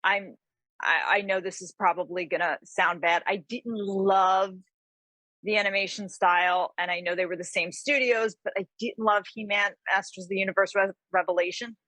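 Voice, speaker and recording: Bright-voiced woman telling a lively story. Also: mid-range voice, moderate pace, no echo. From New York area, USA. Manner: animated, lots of fillers and restarts, acts out quotes. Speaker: guest author. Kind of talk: casual interview storytelling.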